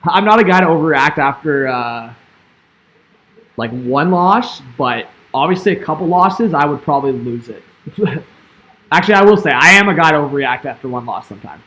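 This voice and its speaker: A man's voice: a little high, lively intonation, moderate pace, fairly bright tone. A young man doing casual live-stream hockey commentary, chatting loosely and answering his viewers. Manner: chatty, reads and answers chat, lots of "like" and "man".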